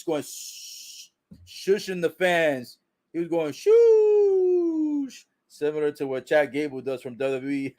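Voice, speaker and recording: Watching wrestling live, a man with a fairly high-pitched voice narrates what's happening, cursing frequently and shouting out in excitement.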